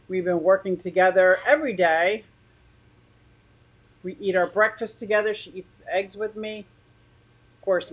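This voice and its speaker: A woman's voice: fairly low pitch, low-quality recording. A woman hosting a casual livestream from her living room, rambling chattily and greeting viewers by name. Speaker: aquarium channel host.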